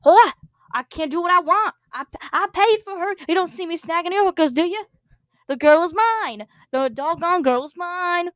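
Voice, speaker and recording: A woman voicing a brash, angry young man who yells crude insults during a brawl in a text game. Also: very high voice, a little fast, no room sound, pitched above the performer's own voice. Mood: furious. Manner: yelling, heated, crude.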